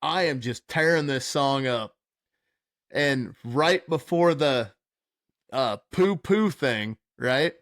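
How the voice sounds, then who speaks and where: A man's voice: mid-range voice, lively intonation, slow pace, fairly bright tone, no echo, clean studio sound. A man hosting a podcast, telling a wild story in casual, rambling chat, swearing freely and laughing as he goes. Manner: rambling, profane, laughs through his story. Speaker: podcast host.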